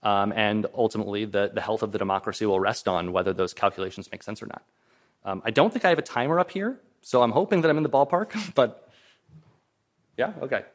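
A man's voice: fairly low pitch, lively intonation, quick pace. A man giving a public lecture and answering audience questions, talking thoughtfully with frequent restarts and hedges. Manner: thoughtful, hedging, many restarts and "um"s. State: voice briefly strained. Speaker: guest lecturer. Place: lecture hall.

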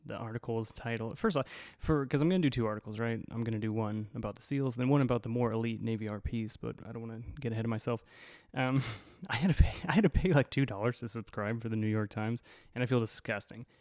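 A man's voice: mid-range voice, fast talker, hardly any pauses, a little mellow, no echo. A man hosting his own podcast, telling a story in a wry, rambling way with plenty of cursing and fillers. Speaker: podcast host. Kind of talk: casual storytelling monologue.

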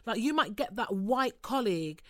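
A woman's voice: a little high, animated, moderate pace. A woman from the UK talking casually and animatedly, swearing and acting out arguments. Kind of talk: casual discussion.

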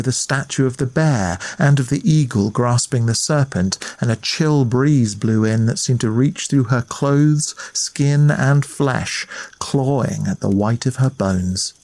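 A man reading a ghost story aloud in a measured, atmospheric way as the storyteller. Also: medium pitch, a little mellow. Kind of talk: scripted narration of a ghost story.

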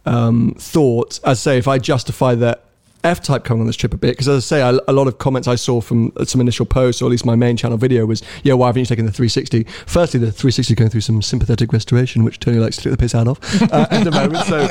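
A man's voice: medium pitch, fast talker, a little mellow. A man co-hosting a podcast, talking casually and rambling a little, with frequent restarts. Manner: chatty, rambling, stammers on restarts. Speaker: podcast co-host. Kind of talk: casual car podcast chat.

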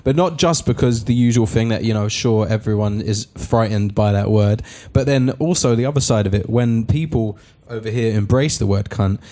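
A man's voice: lowish voice, moderate pace, hardly any pauses, mellow. A young British man hosting a casual podcast, swearing and joking freely. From England. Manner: swearing, joking, laughing often. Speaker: podcast host.

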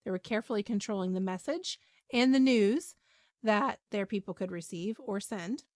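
A woman's voice: mid-range voice, normal speed, darkish tone, dry recording, studio quality. A woman podcast host retelling a story in casual, chatty talk with frequent ums and asides.

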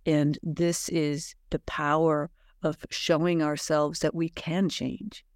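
A woman's voice: deep voice, little pitch movement, slow pace, darkish tone, dry recording, studio quality. A middle-aged woman hosting a heartfelt podcast conversation, speaking earnestly and emphatically with spiritual encouragement. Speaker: podcast host.

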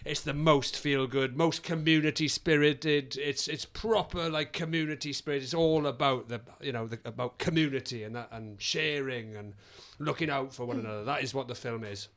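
A Welsh man co-hosting a comedy podcast, telling stories in casual chat and jumping into loud, high voices when he acts out other people. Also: normal speed, hardly any pauses. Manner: animated storyteller, loud high bursts acting out people.

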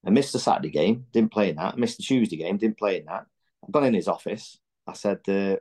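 A middle-aged former footballer with a low, slightly mellow voice talks fast as a podcast guest. In casual chat, he tells candid, blunt stories packed with swearing and restarted sentences.

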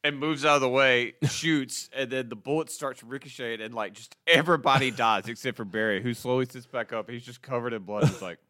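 A man hosting a podcast, excitedly recapping TV episodes in a rambling, swear-filled casual chat. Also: mid-range voice, brisk, few pauses, no echo, clean studio sound. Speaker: podcast host.

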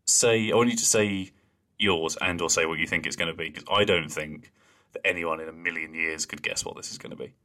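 A man co-hosting a podcast with a low voice. His tone has a bright, forward edge. He talks in an animated, playful way and laughs easily. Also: a little fast. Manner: animated, laughs easily, does mocking impressions of deadpan lines. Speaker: podcast co-host. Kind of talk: casual chat.

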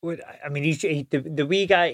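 A man's voice: on the high side, fairly even intonation, a little fast, dry recording. Scottish man in rambling chat, dry sound. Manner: rambling, swears freely, frequent restarts. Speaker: actor guest. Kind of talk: casual studio chat. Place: podcast studio.

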